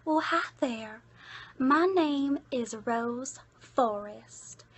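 A woman's voice: high voice, drawn-out words, breathy edge, full character voice. A woman putting on a sweet shy Southern girl. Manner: soft, gentle and motherly.

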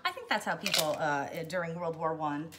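A woman's voice: low voice, fairly quick, heavy background noise. A woman hosting a casual cocktail how-to, chatty and jokey, wandering into playful asides as she mixes. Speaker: home bartender host.

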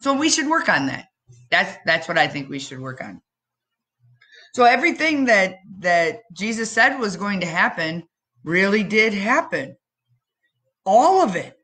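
A woman giving a children's message in church, telling the story expressively with dramatic pauses and questions to the kids. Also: medium pitch, big pitch swings, a bit bright.

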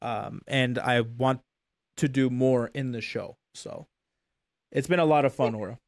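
A man's voice: medium pitch, measured pace, dry recording, studio quality. A young man hosting a casual streamed talk show, laughing often and repeating his words.

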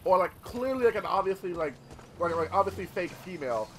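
A man's voice: high voice, lively intonation, a little fast, a little hiss or hum. A man hosting his gaming channel, rambling in casual gameplay commentary with lots of swearing and filler words.

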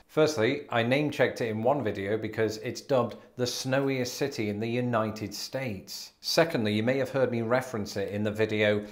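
A British man hosting a scripted, comedic explainer video, wry and self-deprecating with quick asides. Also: mid-range voice. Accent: British English. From Britain. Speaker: YouTube host.

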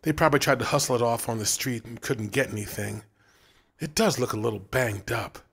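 A man voicing a stern, bossy female coworker who speaks in curt, measured commands. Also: medium pitch, gravelly, fairly bright tone, husky. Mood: dismissive.

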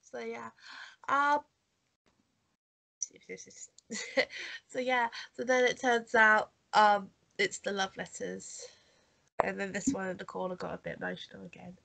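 A woman's voice: mid-range voice, little pitch movement, measured pace, creaky, pauses often, pushed and bright. Nasal woman with a cold. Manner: rambling, full of fillers and restarts, coughing. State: has a cold. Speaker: podcast co-host. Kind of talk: casual chat reviewing a holiday special.

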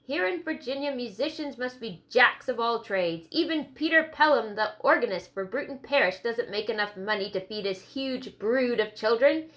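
A woman's voice: a little high, animated, moderate pace, few pauses, fairly bright tone. A woman voicing a fretful, timid schoolmaster man in an audiobook reading, talking on nervously. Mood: rambling. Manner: rambling, nervous.

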